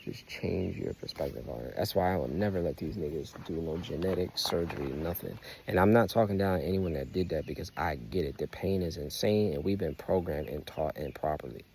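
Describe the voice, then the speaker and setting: A man's voice: deep voice, fairly quick, gravelly, hardly any pauses, a little mellow, a little hiss or hum. A young man rambling outdoors in a loose, profane, emphatic personal monologue full of restarts. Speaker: vlogger.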